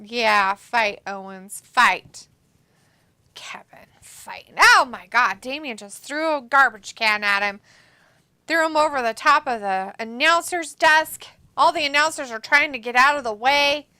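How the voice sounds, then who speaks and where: A woman hosting a wrestling watch-along, commenting excitedly and joking as she mimics the wrestlers. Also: high-pitched, unhurried, clear, resonant tone, dry recording, studio quality. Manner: excitable, jokey, mimics wrestlers in silly voices.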